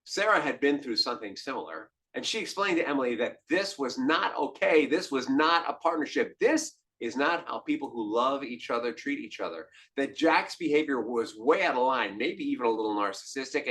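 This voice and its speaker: A man hosting a podcast, telling a story in a monologue. His voice sits at a middling pitch, and he swings from hushed, drawn-out lines to loud, emphatic ones. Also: lively intonation. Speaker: podcast host.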